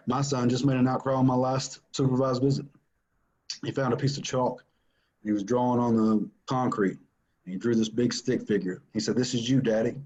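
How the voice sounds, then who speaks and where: The audio is dull, carrying a man's fairly low, slightly mellow voice. He is a father relating his family story as personal testimony, earnest and emphatic, with repetition for stress.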